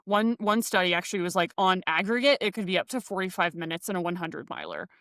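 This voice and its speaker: A woman's voice: fairly low pitch, fast, fairly bright tone, dry recording. Chatty woman co-host, dry close sound. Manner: chatty, many "like" fillers, playful. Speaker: podcast co-host, coach. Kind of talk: casual chat.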